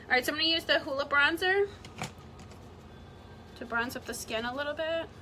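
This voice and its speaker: This beauty vlogger is a young woman rambling through a makeup tutorial she's livestreaming from home, chatty and dropping "like" all the time. Her voice is high-pitched, pushed and bright, and fairly quick. There's slight background noise.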